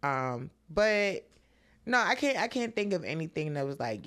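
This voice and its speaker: A woman's voice: low-pitched, very animated, measured pace, fairly bright tone. A woman guest on a podcast, telling stories in a laid-back casual chat, with many "like"s. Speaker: comedian guest.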